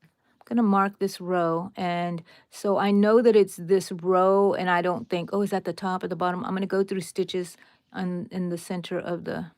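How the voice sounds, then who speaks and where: A woman's voice: fairly low pitch, level tone, moderate pace, darkish tone, no room sound. A woman with a Texan accent hosting a live crochet tutorial, chatting casually and directly with her viewers with rambling asides. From Texas, USA. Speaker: crochet livestream host.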